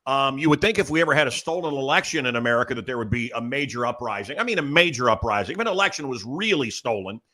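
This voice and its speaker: A man hosting a talk show, speaking in animated, emphatic bursts with quieter asides. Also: medium pitch, fast, few pauses. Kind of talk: excited talk show chat.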